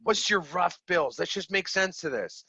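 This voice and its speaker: Animated man telling a story. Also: sits high, normal speed, breathy edge, no echo, muffled recording. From Canada. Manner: animated, acts out quoted people, laughs easily. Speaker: small business owner, guest. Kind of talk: casual storytelling over video call.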